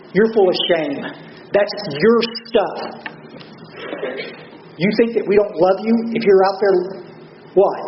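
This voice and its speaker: A man's voice: on the high side, a little hiss or hum. An older man with a Texan accent, telling stories at a recovery meeting in a folksy, earnest, blunt way. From Texas. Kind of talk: speaker talk to a meeting. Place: large meeting room. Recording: echoey room, dull lo-fi sound.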